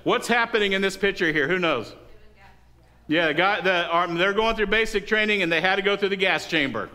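A man's voice: sits high, fairly quick. A middle-aged man preaching a sermon in a church, telling stories and asking the congregation for responses. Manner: lively storytelling, asks the congregation for responses. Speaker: pastor.

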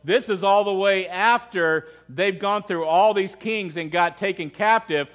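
A high-pitched man delivers a church sermon as pastor. His talk is loose and conversational, with frequent questions to the listeners and repeated words as he finds his way through a thought. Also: a little slow, a bit bright. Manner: conversational, asks the congregation questions.

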